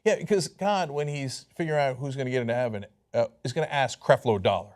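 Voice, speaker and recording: A man's voice: medium pitch, fast talker, hardly any pauses. A man giving sarcastic commentary, mocking what he shows and parodying it in silly voices.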